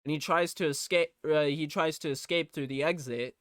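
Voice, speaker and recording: A man reviewing a movie in a laid-back, unhurried way, peppering his plot recap with swearing and deadpan sarcasm. His voice sits a little high and sounds clean and smooth. The sound is dry and close, with no room around it. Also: dry recording. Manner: profane, offhand, jokey sarcasm.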